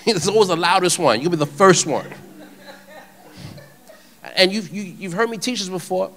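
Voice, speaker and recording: A man giving an informal, conversational sermon, animated and shifting between soft and loud delivery. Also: sits high, a little slow, pauses often. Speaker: preacher.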